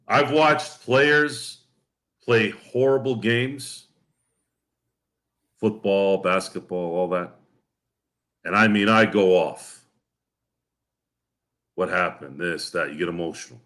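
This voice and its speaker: A man's voice: low voice, slow pace, pauses often, a bit bright. A man co-hosting a sports podcast, ranting bluntly and with profanity, repeating himself as he gets worked up. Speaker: podcast co-host. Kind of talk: heated casual podcast rant.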